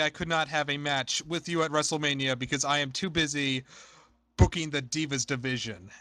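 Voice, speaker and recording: A self-important male wrestler turned governor makes a stiff, mock-formal speech, as a man puts him on. The voice is bright and forward and sounds dry and close. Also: a little high, no room sound. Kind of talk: improvised comedy promo.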